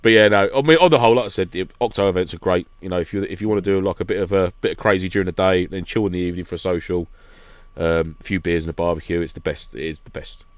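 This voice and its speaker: A man with a fairly low voice tells a long, rambling story and laughs his way through it in a relaxed podcast chat. The sound is dry and close to the mic. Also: racing, no echo. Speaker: podcast guest regular recounting an event. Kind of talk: casual chat.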